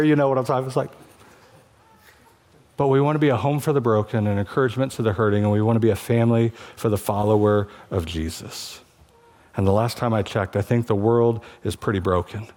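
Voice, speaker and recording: A man's voice: lowish voice, a little mellow. Passionate man preaching a sermon. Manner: passionate, conversational preaching with rising emphatic peaks. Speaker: pastor.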